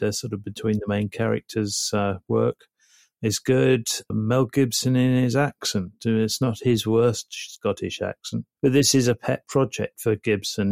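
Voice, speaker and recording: Gravelly low-voiced man, wry reviewer. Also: a little mellow, no echo, clean studio sound. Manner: measured, wry. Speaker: film reviewer. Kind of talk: casual film review chat.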